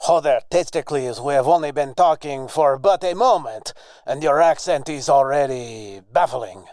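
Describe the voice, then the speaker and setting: A man's voice: medium pitch, normal speed, a little mellow, no room sound, lightly acted. A man playing a pompous, condescending 18th-century Spanish military engineer with a put-on Spanish accent, speaking grandly and dropping in Spanish words. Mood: haughty. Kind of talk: comedy sketch acting.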